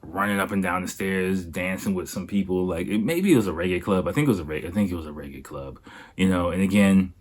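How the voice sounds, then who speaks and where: A man's voice: low-pitched, fast. A young man hosting a podcast, telling a story casually, laughing often and acting out quotes. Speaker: podcast host.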